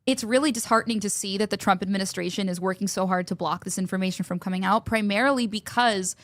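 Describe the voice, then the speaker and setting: A woman's voice: medium pitch, fast, dry recording. A woman contributor on a political panel, making questioning, ironic points. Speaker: show contributor.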